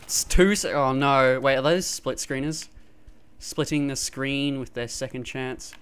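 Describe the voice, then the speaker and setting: A man calling his own match live over a gaming headset, his voice smooth and resonant. He gets excitable and yelps or laughs whenever a fight breaks out. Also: mid-range voice, measured pace. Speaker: gamer. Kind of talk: live gameplay commentary.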